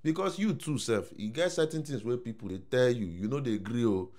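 Nigerian male commentator, lively and talkative, mid pitch, casual address to camera. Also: a little fast. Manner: animated, mixes Pidgin, repeats "I don't know if I'm shouting".

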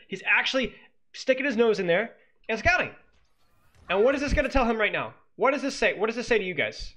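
A man coaching as he analyzes a match replay, animated and exclamatory, often talking straight to his viewers. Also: extremely high pitch, a little fast. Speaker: esports coach. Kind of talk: game replay analysis commentary.

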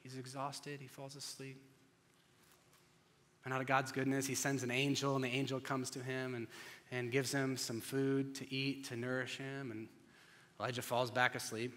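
A male pastor preaching a sermon, telling the story dramatically and swinging between loud and hushed delivery. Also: mid-range voice, flat delivery, normal speed. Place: church sanctuary. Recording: long church reverb.

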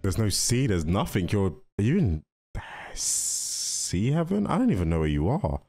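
A man hosting a casual movie reaction, chatty and excitable, talking straight to the characters on screen. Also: lowish voice, unhurried. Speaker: reaction video host.

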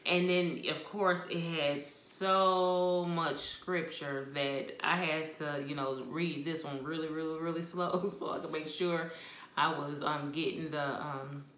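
A woman talks through her monthly book reviews in an expressive, chatty way. Her voice is bright and low-pitched, and her pace is unhurried. The room around her sounds echoey. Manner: expressive, chatty, with laughs and asides. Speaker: book vlogger. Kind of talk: casual book review chat.

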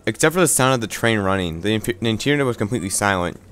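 A man's voice: lowish voice, lively intonation, very fast, a bit bright. A man reading a visual novel aloud, stumbling and restarting words, with wry asides.

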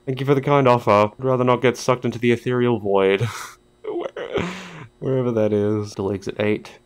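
A man's voice: mid-range voice, fairly even intonation, normal speed, smooth. A man giving casual let's-play commentary, joking, swearing and talking back to the characters on screen. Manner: jokey, swears, talks to game characters. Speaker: gaming YouTuber.

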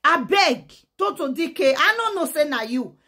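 A woman's voice: high voice, expressive, moderate pace, sharp tone. A woman with a Nigerian Pidgin accent, giving a fiery, emphatic vlog rant that switches between Pidgin and English. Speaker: social media commentator.

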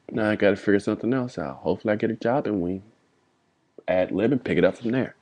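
A man's voice: lowish voice, quick pace, a little mellow. A young man vlogging a rambling, heartfelt apology, swearing freely as he talks. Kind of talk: personal apology vlog.

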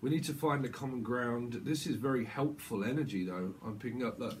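A man talks through a channeled tarot reading in a loose, rambling way, breaking into laughs and acting out short quoted voices. His voice sits at a middling pitch. A faint hiss runs under the recording. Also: a little fast, hardly any pauses. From United Kingdom. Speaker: tarot reader.

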